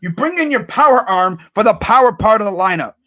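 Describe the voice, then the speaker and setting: A man's voice: high-pitched, brisk. A young man vlogging as a sports fan, ranting casually and swearing a lot. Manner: animated, ranting, swears and says bruh a lot.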